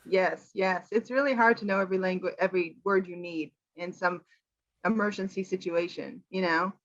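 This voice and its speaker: An American woman, an English teacher, chatting casually about a film with animated quoting. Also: lowish voice, moderate pace, lo-fi sound. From United States. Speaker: English teacher, channel host.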